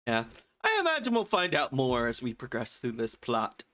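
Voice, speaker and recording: A man's voice: medium pitch, huge pitch swings, normal speed, noisy background. A man giving rambling, self-amused commentary as he streams a video game, often laughing at himself. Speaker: gaming streamer. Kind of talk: casual gameplay commentary.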